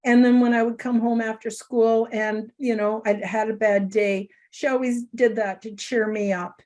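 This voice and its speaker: A woman's voice: a little high, steady tone, moderate pace, darkish tone. Earnest, emotional woman telling a story. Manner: earnest, emotional, tearful at times. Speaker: show host.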